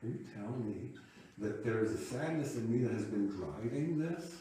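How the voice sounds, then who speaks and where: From a distance in an echoey church sanctuary, a minister in his late fifties tells a personal story during his sermon, reflective and conversational. His voice is fairly low, dark and animated at a moderate pace, with slight background noise.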